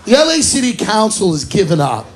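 A man's voice: high-pitched, wildly swooping pitch, a little fast, a little hiss or hum. A man doing a stand-up set on a comedy club stage, delivering dry, exasperated punchlines.

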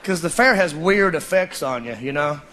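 A man's voice: fairly high pitch, expressive, moderate pace, bright, forceful tone, slight background noise. A man doing stand-up comedy, telling a story with laughter in his voice.

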